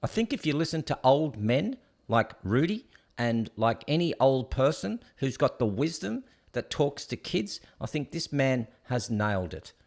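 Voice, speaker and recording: Lively man hosting casual commentary. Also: mid-range voice, a little slow. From Australia. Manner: chatty, laughing often, loud and lively. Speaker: host. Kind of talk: casual commentary on viral clips.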